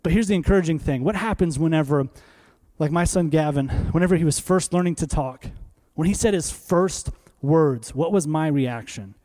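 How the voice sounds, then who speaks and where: At a moderate pace, this thirtysomething pastor gives a sermon in a somewhat high but warm, mellow voice. His preaching is lively and chatty, packed with rhetorical questions for the congregation.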